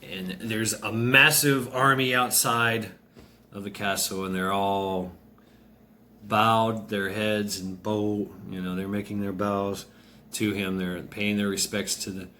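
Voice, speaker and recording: Slow, rambling male storyteller. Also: lowish voice, steady tone, sharp tone, slight background noise. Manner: rambling, many fillers and restarts. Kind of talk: casual spoken storytelling.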